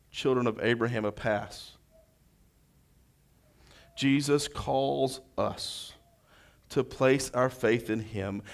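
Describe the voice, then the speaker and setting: A man preaching a sermon as pastor, with impassioned, repetitive phrasing that builds to shouting. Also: medium pitch. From United States.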